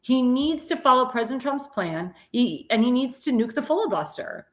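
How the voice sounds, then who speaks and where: A woman's voice: sits high, lively intonation, normal speed, fairly bright tone. A woman hosting a political talk show, talking emphatically with many restarts and repeated words, and sounding tired. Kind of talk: political commentary monologue.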